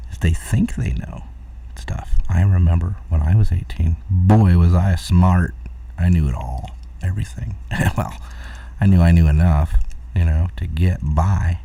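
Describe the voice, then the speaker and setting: A man's voice: low-pitched, gravelly, dark tone, husky, no echo, recorded from a distance. A middle-aged man hosting a rambling solo live stream from home, distracted and chuckling at his own jokes. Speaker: host of a live talk stream.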